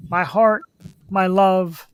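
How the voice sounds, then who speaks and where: A man co-hosting a live web talk show, upbeat and chatty, reading out viewer shout-outs and upcoming guests. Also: sits high, fairly even intonation, slow pace, clear, resonant tone, no echo. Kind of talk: casual live-show chat and announcements.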